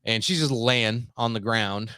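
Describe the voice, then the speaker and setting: A man's voice: on the low side, steady tone, measured pace, bright, forceful tone, smooth, no echo, clean studio sound. Rambling, profane country-boy storyteller. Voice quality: self-described simple country boy. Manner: rambling, profane, heavy on fillers. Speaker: podcast host. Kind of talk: casual storytelling.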